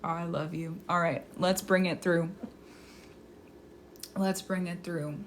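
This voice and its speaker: A woman astrologer chatting on a live stream and giving readings, effusive and quick to laugh, sometimes slowing into a soft invocation. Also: on the low side, steady tone, slight background noise. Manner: effusive, gushing, laughs often.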